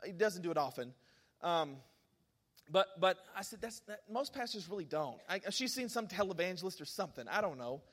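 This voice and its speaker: A man preaching a sermon, telling a personal story with animated bursts of excitement and laughter. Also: sits high, a little fast. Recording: long hall reverb.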